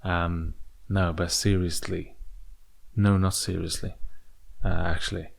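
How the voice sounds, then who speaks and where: A man's voice: low voice, little pitch movement, slow, gravelly. A young man hosting a solo podcast, rambling in a put-on British accent, with many fillers and restarts. English is not his first language. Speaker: podcast host.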